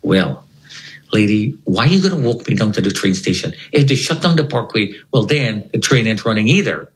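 A man with a low voice tells a personal story to an interviewer. His pitch swings widely as he acts out every exchange in an animated way. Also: fairly quick, poor audio. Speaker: interview guest.

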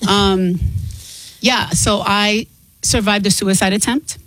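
A woman speaks candidly as a guest in an interview, earnest and open. Her voice sits at a middle pitch. The sound is dry and close, with no room around it. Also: fairly even intonation, takes it slowly, fairly bright tone, no echo, rough recording. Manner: earnest and open, laughs easily. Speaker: guest author.

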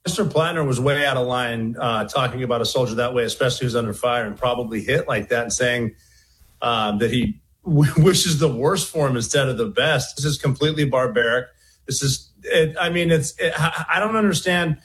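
A man heard in a recorded interview clip, speaking with earnest indignation. He halts and restarts often as he searches for words, at a middle pitch. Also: brisk, a bit bright. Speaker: veteran interviewee.

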